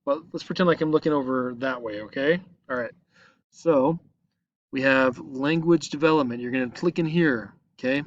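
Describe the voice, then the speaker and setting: A man's voice: medium pitch, normal speed, no echo, highs cut off. Patient male teacher talking through his screen. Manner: patient, explaining step by step with frequent "okay?". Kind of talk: recorded online lesson walkthrough. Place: at a computer, screen recording.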